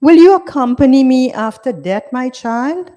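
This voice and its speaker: A woman's voice: high-pitched, animated, normal speed, mellow, highs cut off. Frail dying mother, as a woman narrator voices her. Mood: pleading. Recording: reverberant hall.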